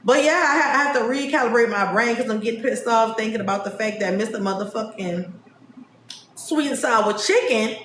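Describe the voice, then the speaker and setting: A woman's voice: fairly high pitch, fairly bright tone, a little hiss or hum. Brief: woman podcast host, heated and profane on a livestream, recorded in a roomy space. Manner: blunt, profane, heated ranting. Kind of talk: casual livestream commentary.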